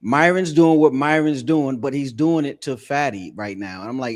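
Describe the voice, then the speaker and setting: Brief: laid-back male panelist, mid-pitched, conversational. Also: moderate pace, few pauses. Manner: laid-back, conversational, repeats words when starting. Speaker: panel member. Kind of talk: casual opinion talk.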